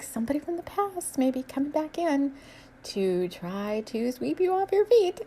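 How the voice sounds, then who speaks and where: A woman with a fairly high voice reads her own romance novel aloud in a soft, even way. Between passages she muses, hesitates and laughs lightly as she offers a spiritual message. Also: moderate pace. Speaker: author and spiritual reader.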